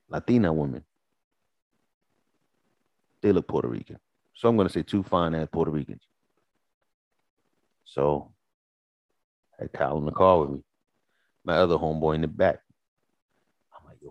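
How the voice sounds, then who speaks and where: A man in his forties with a bass voice co-hosts a podcast, animatedly telling profane stories in a casual chat and acting out the voices of the people in them. The audio is dull, with no room sound.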